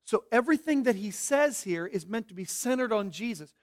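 A preacher with a very high voice delivers a sermon. He works through his points one by one and hits key words hard. Between those stresses he drops to hushed, searching questions. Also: animated, fairly quick. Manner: emphatic, swinging from shouted stresses to hushed questions; teaching in numbered points. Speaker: pastor.

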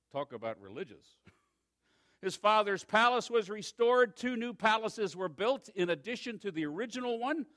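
Animated, wry male preacher. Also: high-pitched. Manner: animated, wry, swings from loud to hushed. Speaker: pastor. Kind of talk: sermon.

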